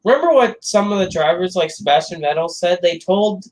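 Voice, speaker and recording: A man's voice: high voice, animated, fairly quick, a little mellow, poor audio. A man co-hosting a casual motorsport podcast, speaking hesitantly and filling his sentences with "like.". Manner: hesitant, lots of "like" fillers. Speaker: podcast co-host.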